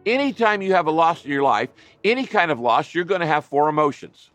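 Male pastor, fairly high voice, earnest emphatic sermon delivery, dry close recording. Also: expressive, brisk, a bit bright, no room sound, faint music behind. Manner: earnest, emphatic preaching with repetition and restarts.

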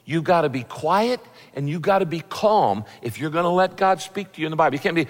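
A man's voice: on the high side, animated, fairly quick, hardly any pauses, a bit bright. A man preaching a sermon in a conversational, folksy way, acting out what people say. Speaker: pastor. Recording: long reverb of a large hall.

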